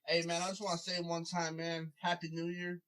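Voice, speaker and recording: A man's voice: a little high, monotone, fairly quick, a bit bright, a little hiss or hum. A man hosting a podcast interview, talking loose and hyped and calling his guest bro and dog. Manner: hypey intros, calls guest bro and dog. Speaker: podcast host.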